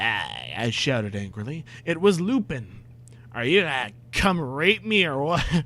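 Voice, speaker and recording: A young man reading a badly written story aloud, breaking off for sarcastic, exasperated asides and shouted outbursts. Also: medium pitch, very animated, unhurried. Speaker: comedic reader. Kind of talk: dramatic reading with mocking commentary.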